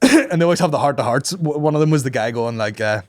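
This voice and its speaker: A man's voice: a little high, lively intonation, fast, no room sound. A young man hosting a comedy podcast, telling crude, rambling stories and mocking people in put-on voices. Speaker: podcast host.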